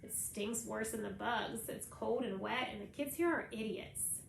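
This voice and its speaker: A woman's voice: a little high, measured pace, creaky, slight background noise. A woman reading aloud voices a moody, homesick boy, with a slightly raised, eager kid voice in a roomy space.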